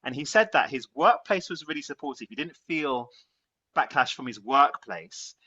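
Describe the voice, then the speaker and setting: A man hosting a panel discussion and speaking in an animated, emphatic way. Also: mid-range voice, normal speed, breathy edge. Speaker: host. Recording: dull lo-fi sound.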